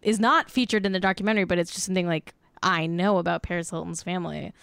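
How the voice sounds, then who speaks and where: A woman's voice: fairly low pitch, steady tone, fast talker, gravelly, a bit bright, clean tone, dry recording. A young woman hosting a podcast from her desk at home over a video call, chatting casually and frankly, swearing freely and saying "like" a lot. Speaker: podcast host. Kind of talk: casual chat.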